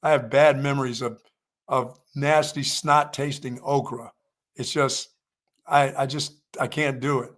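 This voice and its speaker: A man's voice: medium pitch, fairly even intonation, a little slow, a bit bright. A man co-hosting a sports radio show, telling joking stories in casual chat. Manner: joking storyteller, laughs at himself.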